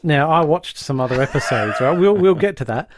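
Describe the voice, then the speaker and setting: A man co-hosting a podcast, recapping a sitcom plot in lively casual chat and dropping into quick voices for the characters. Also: on the high side, background noise. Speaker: podcast co-host.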